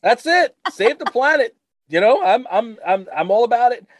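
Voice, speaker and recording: A middle-aged man co-hosting a podcast, chatting casually, rambling and stammering with loud laughs. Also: very high-pitched, big pitch swings, normal speed, dry recording. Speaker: podcast co-host. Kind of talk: casual chat.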